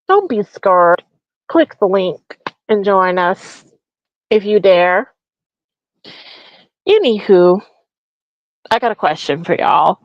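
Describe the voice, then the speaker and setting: A woman's voice: medium pitch, lively intonation, slow pace, long pauses, dry recording. A woman hosting a comedic political rant, mocking and profane, firing off rhetorical questions. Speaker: host. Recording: dull lo-fi recording.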